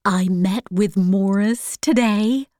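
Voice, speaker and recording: A fussy, meddling aunt, read by a woman scolds slowly and reproachfully. The sound is close and dry, the pace unhurried, in a storybook reading. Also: medium pitch, darkish tone, no echo, close to an everyday voice.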